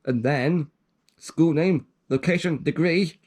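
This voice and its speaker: A man's voice: a little high, slow pace, darkish tone. A young man casually reading out his own joke documents, rambling and trailing off with self-aware asides. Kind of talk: casual commentary.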